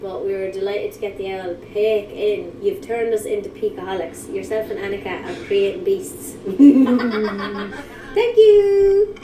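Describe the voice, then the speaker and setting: A woman's voice: mid-range voice, flat delivery, normal speed, hardly any pauses, dark tone, roomy sound, far from the mic, a little hiss or hum, rough recording. An enthusiastic Australian woman leaving a laughing voice message from inside a car. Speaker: hiker sending a voice message. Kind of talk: excited voice message.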